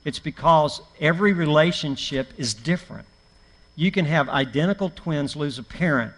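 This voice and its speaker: Middle-aged man, preacher, high-ish voice, folksy anecdotal class talk with dry self-mockery, long church-hall reverb. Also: expressive, normal speed. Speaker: preacher teaching a grief class.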